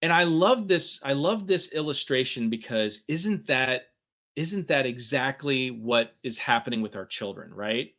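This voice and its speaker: Middle-aged guy talking thru a workshop, bright voice, lots of ums and right?. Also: medium pitch, expressive, a little slow. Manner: conversational, many fillers and tag questions. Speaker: podcast co-host. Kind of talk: workshop talk.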